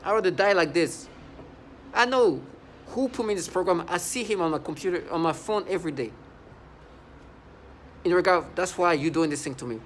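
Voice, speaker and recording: Speaking briskly yet with long pauses, a high-pitched male vlogger delivers an agitated, rambling rant to camera, full of restarts and half-finished phrases. A bit of hiss or hum can be heard.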